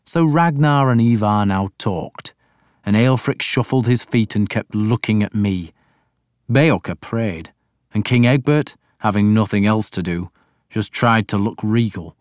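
A man reading a first-person story as an audiobook narrator in a measured storytelling manner. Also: lowish voice, smooth, dry recording, clean studio sound.

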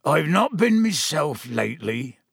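A man voicing a huge, soft-hearted male gamekeeper who talks in a broad rustic dialect. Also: on the high side, big pitch swings, a little slow, creaky, breathy edge, no echo, clean studio sound, heavily acted. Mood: gloomy.

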